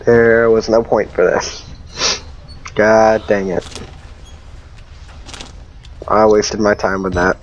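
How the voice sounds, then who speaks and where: A man commentating a horror game, jumpy and swinging from muttering to panicked yelling, his voice cracking from screaming. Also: fairly low pitch, fairly even intonation, slow pace, pauses often, dull audio, a little hiss or hum. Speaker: let's play gamer.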